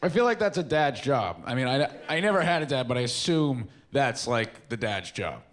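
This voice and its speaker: A man doing stand-up, rambling and self-deprecating, breaking into sudden shouts. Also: mid-range voice, sing-song, moderate pace. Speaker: stand-up comedian. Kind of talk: stand-up storytelling. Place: stage with a live audience. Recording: live stage recording with faint room noise.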